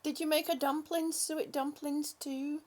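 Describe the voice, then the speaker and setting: Slow-talking, high-voiced woman. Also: level tone, a little mellow. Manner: affectionate, calls viewers honey and sweetie. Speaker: livestream host. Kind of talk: casual livestream chat reading viewer comments.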